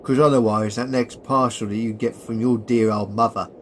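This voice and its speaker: A cool, sly English soldier, as a man voices him, delivering veiled threats with unruffled calm in a war audiobook. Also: on the low side, moderate pace, a little hiss or hum, lightly acted.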